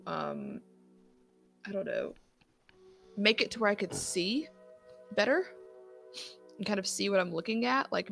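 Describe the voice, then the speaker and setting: A woman player in a tabletop game, thinking aloud, hesitant and excitable. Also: mid-range voice, creaky.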